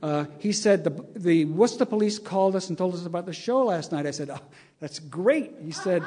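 A man's voice: on the high side, moderate pace, warm tone, breathy edge. An older man telling a long, wry anecdote to an audience, chuckling as he acts out the dialogue. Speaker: storyteller.

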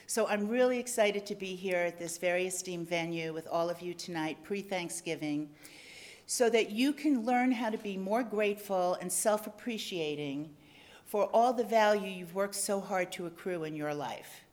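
A woman's voice: lowish voice, normal speed, a little mellow. Effusive middle-aged woman speaker. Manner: effusive, grateful, upbeat. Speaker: guest speaker. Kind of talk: enthusiastic public talk. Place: club lecture venue.

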